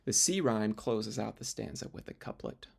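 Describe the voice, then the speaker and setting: A man's voice: lowish voice, animated, moderate pace, creaky, slightly rough. A man teaching literature in a recorded lecture video, explaining step by step with fillers and restarts.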